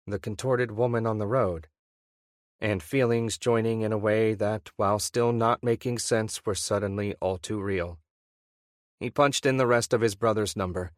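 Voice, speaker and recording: A man reading a suspense audiobook in a measured, subdued way. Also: on the low side, dry recording, studio quality. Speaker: audiobook narrator. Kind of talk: scripted narration.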